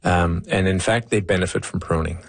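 Deep, flat-voiced man explaining gardening. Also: fairly quick, creaky, no echo. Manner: patient explaining, many fillers. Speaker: gardening expert. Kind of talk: casual advice chat.

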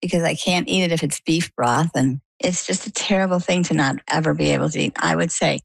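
A woman's voice: low voice, fairly quick, creaky, slightly rough, dry recording, rough recording. A woman recounting a personal health story in an interview, acting out quoted dialogue as she goes. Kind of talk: conversational interview answers.

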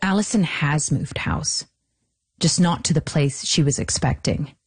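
A woman with a low voice reads scripted podcast narration in a measured, even way. Faint music plays under her. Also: slightly rough.

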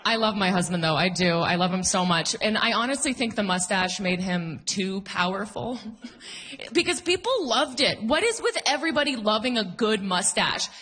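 A woman performing a stand-up comedy set on stage to a live audience, animated, with quick asides and laughs at her own jokes. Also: mid-range voice, big-room sound.

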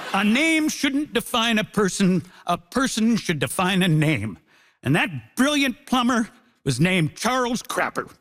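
A man's voice: extremely high pitch, a bit bright, slight background noise. A man delivering a comic debate argument on a theatre stage in a mock-grand manner. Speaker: comedian debater. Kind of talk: stand-up argument. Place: theatre stage before a live audience.

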